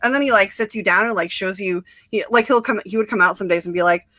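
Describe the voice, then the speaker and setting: Bright chatty young woman host. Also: medium pitch, fast talker, dry recording. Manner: chatty, many fillers and quoted asides. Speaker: podcast host. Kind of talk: casual chat.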